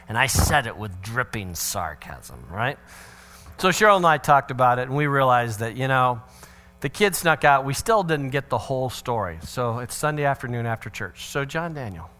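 A man's voice: mid-range voice, normal speed. A middle-aged man giving a parenting talk, telling a family story with humor and acting out the voices of the people in it. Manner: animated, acts out family dialogue with swings of voice; humorous, sarcastic asides. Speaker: parenting seminar speaker.

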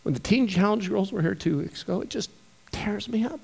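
A man preaching a sermon as pastor, moving from quiet storytelling to loud, emotional scripture reading. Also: high-pitched, fairly quick, creaky, breathy edge.

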